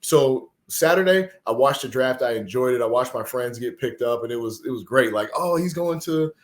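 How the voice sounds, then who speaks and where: A man in his forties from Texas, a former pro football player and podcast guest, telling a personal story in an animated, earnest and emotional way. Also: mid-range voice, a little fast. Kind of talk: conversational storytelling.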